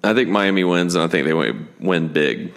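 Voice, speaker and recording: A man's voice: low-pitched, normal speed, a bit bright. A man hosting casual sports talk who runs through the game picks in a matter-of-fact way and keeps the list moving. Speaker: podcast host running the picks.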